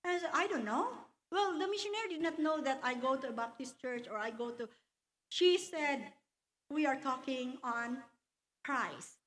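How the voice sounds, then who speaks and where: A woman telling her personal faith testimony at a church luncheon, slow and earnest, quoting scripture along the way. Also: sits high, fairly bright tone. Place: church hall.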